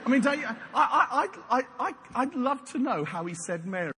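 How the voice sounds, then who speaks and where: High, bright preacher. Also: male voice, very animated, fairly quick. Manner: playful, storytelling, jokey. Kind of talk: sermon. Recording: long hall reverb, faint noise.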